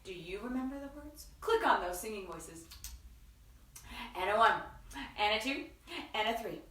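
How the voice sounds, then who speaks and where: A woman hosting a children's story time, leading songs and call-and-response in an animated, sing-song way. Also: medium pitch, moderate pace, recorded from a distance. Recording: echoey room, voice away from mic.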